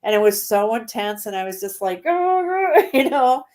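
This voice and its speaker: A woman in her forties chats as a guest, piling on fillers and breaking into laughs as she talks. Her voice sits at an ordinary middle pitch. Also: brisk, a little mellow. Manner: chatty, laughs often, many fillers. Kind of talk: casual interview storytelling.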